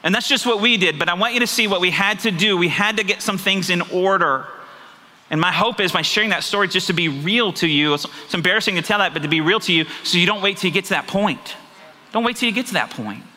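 A man's voice: sits high, fast, bright, forceful tone. A man pastor preaching a sermon, earnest and confessional, often asking his listeners rhetorical questions. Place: church sanctuary. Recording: reverberant church hall.

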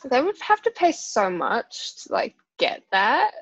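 Lively, breathy woman, dry close sound. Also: on the high side, measured pace, highs cut off. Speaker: playwriting group member. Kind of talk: casual brainstorming chat.

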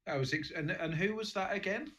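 A man's voice: sits high, a little fast, bright, forceful tone. A man with a British accent co-hosting a podcast in casual chat, playful and mock-serious. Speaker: podcast co-host.

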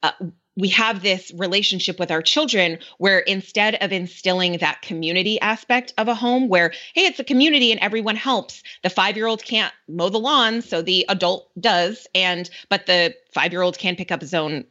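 A woman's voice: on the low side, normal speed, sharp tone. A woman in her thirties, a podcast guest in casual conversation, chatty with many fillers and frequent laughs. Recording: dull lo-fi sound.

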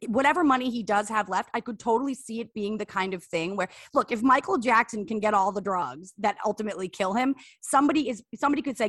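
A woman co-hosting a podcast in casual chat, animated and full of restarts. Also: medium pitch, no echo, studio quality. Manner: animated, talks in rapid bursts with many restarts. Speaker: podcast co-host.

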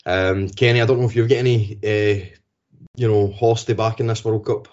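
A man's voice: lowish voice, fairly even intonation, normal speed, darkish tone. A man hosting a casual football podcast, chatty, with frequent ums and restarts. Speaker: podcast host. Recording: dull lo-fi podcast audio.

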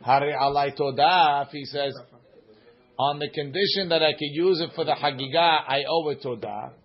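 A man's voice: on the high side, normal speed, husky, muffled recording. A man teaching a Talmud class, reading the Aramaic in a sing-song study chant and explaining it in English.

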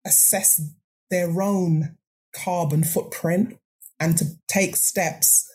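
Older woman guesting, low husky mellow voice, earnest, thinks aloud. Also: fairly even intonation, slow. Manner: earnest, reflective, many restarts. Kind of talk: podcast interview.

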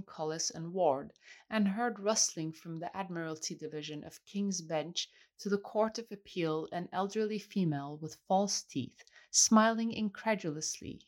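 A woman reading a literary novel aloud in a measured, even way. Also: on the low side. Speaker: audiobook reader. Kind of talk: literary audiobook narration.

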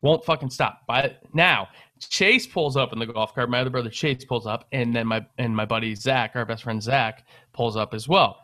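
Bright-voiced man telling a profane story. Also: medium pitch, moderate pace. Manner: profane, rambling, animated storyteller. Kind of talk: casual storytelling on a podcast.

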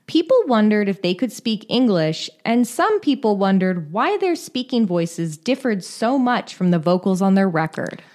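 A woman's voice: mid-range voice, sing-song, normal speed, hardly any pauses, a little mellow. A woman co-hosting a podcast, reading a scripted music history with casual chatty asides. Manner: reads quotes aloud, breaks into laughter. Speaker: podcast co-host.

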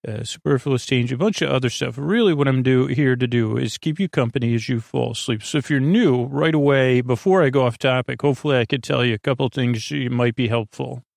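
A man hosting a sleep podcast, talking slowly in a creaky voice and drifting off into tangents full of filler. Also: medium pitch, dry recording, clean studio sound. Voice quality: creaky, meandering. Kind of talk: rambling bedtime monologue.

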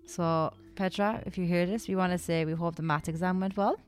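A bubbly Irish woman co-hosts a podcast, teasing her partner and laughing easily through the casual chat. Her voice sits a little low for a woman, and soft music plays faintly behind her. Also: fairly even intonation, fairly quick. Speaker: podcast co-host.

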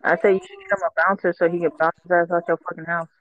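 A woman's voice: on the low side, flat delivery, quick pace, a bit bright, muffled recording. A woman co-hosting a podcast in casual chat, blunt and profane with mock threats. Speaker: podcast co-host.

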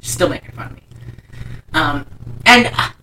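A woman's voice: moderate pace, sharp tone, recorded from a distance, slight background noise, rough recording. A woman casually chatting as a podcast co-host, rambling and profane as she recaps a movie. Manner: rambling, profane, acts out characters' lines. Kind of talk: casual chat.

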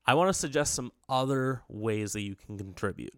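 A male podcast co-host playing an exasperated male soccer coach in his own voice in a comedy sketch, talking haltingly with many fillers. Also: mid-range voice, animated, fairly bright tone, dry recording, studio quality. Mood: awkward.

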